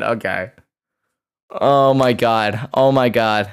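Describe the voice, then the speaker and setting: A man streaming a game live, talking to himself in an excitable way, repeating phrases and swearing as he plays. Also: medium pitch, measured pace, pauses often. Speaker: gaming streamer. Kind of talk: live gameplay commentary.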